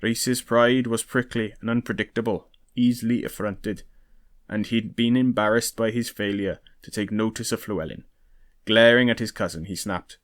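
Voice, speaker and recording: A man with a fairly low voice reads a historical novel aloud, narrating in a steady, even storytelling manner. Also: normal speed. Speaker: audiobook reader.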